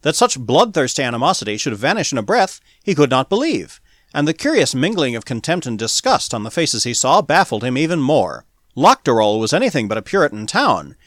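A man narrating a pulp science fiction story as an audiobook in a dramatic, animated reading. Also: medium pitch, brisk, no room sound, clean studio sound.

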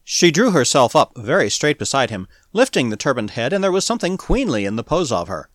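In clean studio sound with a dry recording, a medium-pitched man narrates an audiobook. His delivery is measured and expressive, in a storytelling manner.

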